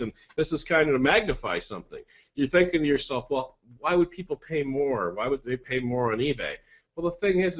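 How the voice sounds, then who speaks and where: In an online course on selling, a man with a slightly bright voice works through sales examples using an upbeat, salesy pitch and quick asides.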